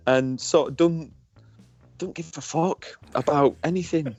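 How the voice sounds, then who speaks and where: A man's voice: fairly high pitch, a little slow, a little mellow, highs cut off, faint music behind. A man in his forties with a northern English accent, a former racer co-hosting a casual podcast, candid and jokey, swearing freely. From northern England.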